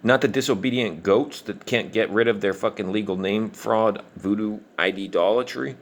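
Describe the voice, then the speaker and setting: A man delivering an angry, profane monologue rant in a combative, preachy manner. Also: fairly low pitch. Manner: fast, insistent delivery. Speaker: online commentator.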